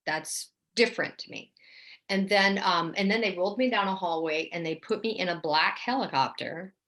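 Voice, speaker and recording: A woman from New Orleans, a guest in an interview, telling her story in a lively, vivid way with lots of "like" and "right?". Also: lowish voice. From New Orleans, USA. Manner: animated, vivid storyteller, often says "like" and "right?".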